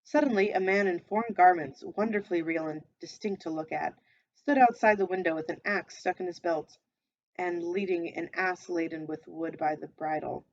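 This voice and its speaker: A woman reading a classic novel aloud in an even, measured storytelling manner, stopping now and then to comment. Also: fairly low pitch, lo-fi sound. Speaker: reader.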